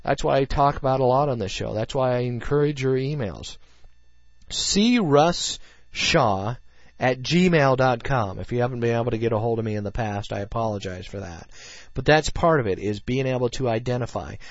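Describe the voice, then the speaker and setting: A man's voice: mid-range voice, normal speed, no room sound. A man hosting a casual faith podcast, talking earnestly and rambling with many fillers, recorded in a dull, lo-fi way. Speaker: podcast host. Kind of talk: casual faith talk show.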